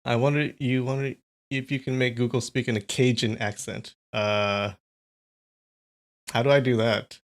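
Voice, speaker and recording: A man's voice: medium pitch, steady tone, a little slow. A man hosting a casual livestream, chatty and thinking aloud, laughing often. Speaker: streamer.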